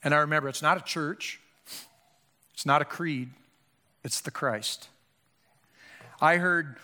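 An older man preaching a sermon, impassioned, swinging between loud emphatic calls and hushed low appeals. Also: takes it slowly, pauses often. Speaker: pastor. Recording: long hall reverb.

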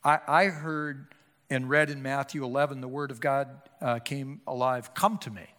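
An older man preaching a sermon, impassioned, swinging between loud emphatic calls and hushed low appeals. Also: little pitch movement, normal speed. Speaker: pastor. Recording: long hall reverb.

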